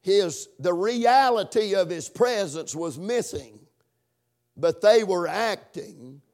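A man preaching a sermon and praying, halting with fillers, stretching key words and rising in pitch for emphasis. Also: lively intonation, darkish tone. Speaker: pastor.

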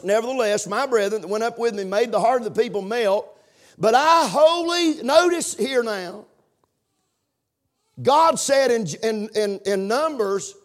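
A man preaching a sermon, reading scripture aloud and repeating key phrases, who slows down on single words and builds to shouted declarations. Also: very high voice. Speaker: pastor.

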